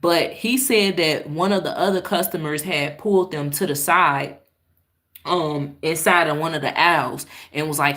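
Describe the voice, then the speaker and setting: A woman's voice: sits low, moderate pace, a bit bright. A woman from Chicago doing casual live-stream commentary, blunt and exasperated, swearing freely as she talks to her viewers.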